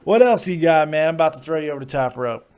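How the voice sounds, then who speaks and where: A man's voice: fairly high pitch, lively intonation, fast talker, darkish tone, smooth. A man hosting a live wrestling review show, ranting with lots of swearing and laughs, and he is coming down with a cold. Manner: ranting, profane, laughs often. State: getting sick, plugged ears. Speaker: podcast host.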